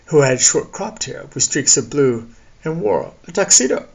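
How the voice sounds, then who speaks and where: Gravelly man narrating a story. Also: mid-range voice, very animated, a little slow, a little mellow, dull audio. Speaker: audiobook narrator. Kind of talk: scripted narration.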